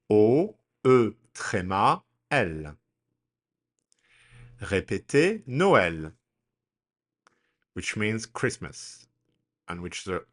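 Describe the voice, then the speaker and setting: A man teaching French pronunciation, speaking deliberately and spelling words out letter by letter in a slow drill. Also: lowish voice, a bit bright.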